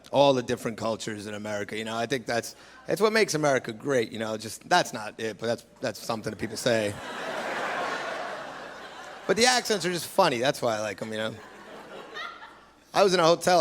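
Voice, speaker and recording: A middle-aged stand-up comedian on a theater stage does profane, sardonic crowd work, occasionally slipping into put-on accents. His medium-pitched, slightly bright voice moves a little fast with lively intonation, and the live club recording is filled with crowd noise and audience laughter.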